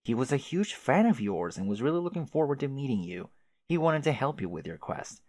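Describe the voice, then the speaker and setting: Dude doing a smug sarcastic narrator voice, talks down to you, kinda quiet and mocking. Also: male voice, medium pitch, sing-song, a little fast, no echo, voice pushed up. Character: smug, condescending male narrator voice in a head.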